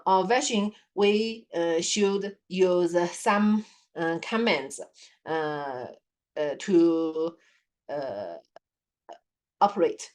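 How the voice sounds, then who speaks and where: A woman whose first language is Chinese presents a computer security lab report at a slow, deliberate pace. Her speech halts often, with many fillers and repeated words as she searches for terms. Her pitch sits in a middle range. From China. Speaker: student presenter.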